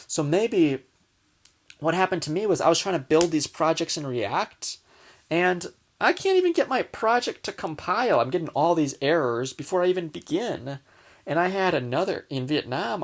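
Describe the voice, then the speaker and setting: A man hosting a daily show, giving rambling, animated advice and acting out frustrated inner voices. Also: a little high, vocal fry. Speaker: host. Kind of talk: casual advice talk.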